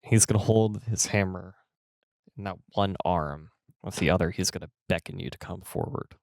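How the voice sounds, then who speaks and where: A man's voice: low voice, moderate pace, gravelly, a little mellow, no room sound, studio quality. A man narrating a tabletop game as game master, casual and rambling.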